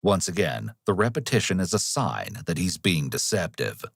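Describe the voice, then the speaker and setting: A man with a deep, low voice reads scripted narration. He speaks in a measured, analytical way. The sound is dry and close, with no room in it. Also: big pitch swings, vocal fry, no echo. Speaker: documentary narrator.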